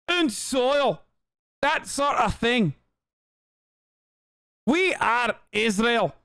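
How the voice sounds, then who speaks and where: Man putting on a shrill, sing-song zealot woman, mocking, drawn-out, crisp dry sound. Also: a bit bright, no room sound, full character voice. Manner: drawn-out, mock-earnest delivery. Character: mocking impression of a fervent nationalist woman.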